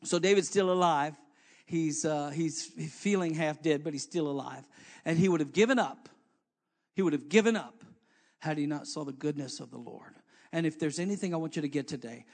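A preacher with a high-pitched man's voice delivers his sermon. He drops into soft, low asides, then climbs into loud calls to the congregation, restarting phrases and filling gaps with "uh" as he goes. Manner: swings from quiet low asides to loud rising exhortation. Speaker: pastor.

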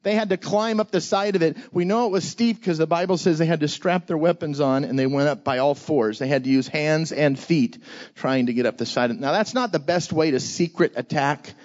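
A fairly high-voiced man preaches an energetic sermon to children in a church hall. He draws the crowd into call-and-response between stories. The recording sounds dull and lo-fi. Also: a little fast. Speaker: pastor.

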